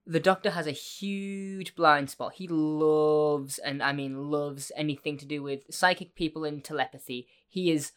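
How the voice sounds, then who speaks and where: A woman's voice: sits low, unhurried, hardly any pauses, smooth. A woman co-hosting a podcast, chatting casually in a rambling, playful, self-deprecating way. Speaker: podcast co-host. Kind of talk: casual chat.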